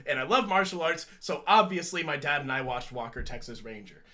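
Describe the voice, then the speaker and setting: A man's voice: on the high side, brisk, sharp tone. A man in his thirties co-hosting a casual chat show, rambling and joking with frequent laughs. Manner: rambling, jokey, laughs often. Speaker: podcast co-host.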